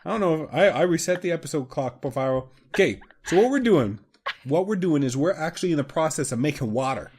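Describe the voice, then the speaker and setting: A man with a lively, bouncing voice, pitched a bit high, chatting casually while playing a game with a friend. He rambles, jokes and tells long stories. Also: fairly quick, slightly rough. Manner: rambling, joking, animated. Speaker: let's play co-host. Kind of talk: casual gameplay chat.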